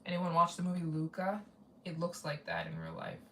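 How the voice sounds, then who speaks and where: Woman, travel vlogger, rambling live-stream host, lowish voice, roomy room sound. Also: very animated, brisk, recorded from a distance, slight background noise. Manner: rambling, repeats herself, reads out donations. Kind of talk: casual live-stream chat.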